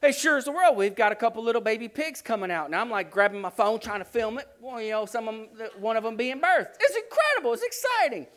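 A man preaching through a long personal story, animated and rambling, often restarting his sentences. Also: extremely high pitch, fast, few pauses. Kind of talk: storytelling sermon.

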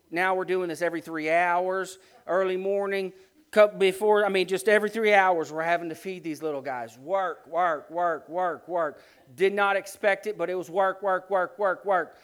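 A high-pitched man preaching by telling a story. He talks in an animated, rambling way and keeps circling back to restart his sentences. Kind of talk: storytelling sermon.

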